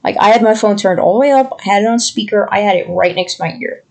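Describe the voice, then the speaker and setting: A young woman co-hosting a podcast, casually telling a story in an exasperated, animated way and mimicking the people she quotes. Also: mid-range voice, fast, vocal fry. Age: young adult. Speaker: podcast co-host.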